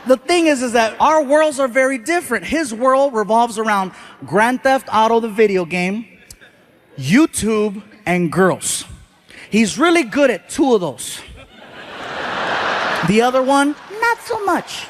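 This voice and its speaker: High-voiced man doing stand-up. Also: unhurried. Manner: animated storytelling with shouted voice impressions. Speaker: stand-up comedian. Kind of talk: stand-up comedy routine. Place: stage before a live audience.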